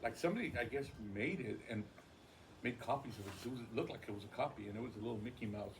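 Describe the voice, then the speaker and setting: A man co-hosting a podcast, telling a profane, animated story in casual chat. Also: medium pitch, racing, background noise. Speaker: podcast co-host.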